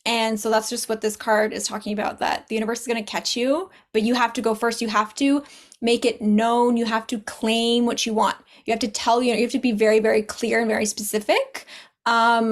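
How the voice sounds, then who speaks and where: A woman's voice: fairly high pitch, steady tone, normal speed. Earnest woman spiritual teacher guest. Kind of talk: casual chat.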